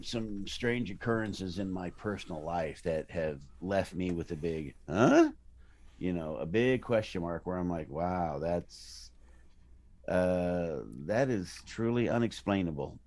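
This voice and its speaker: A man's voice: sits low, moderate pace, hardly any pauses. A man, an actor being interviewed, chatting casually and animatedly about his work. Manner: animated, slips into character voices. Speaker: actor guest.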